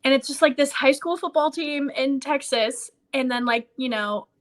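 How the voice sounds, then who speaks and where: A young woman co-hosting a podcast, telling stories in a gushy, animated way and leaning on "like" and "literally.". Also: sits high, normal speed. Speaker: podcast co-host. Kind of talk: casual chat.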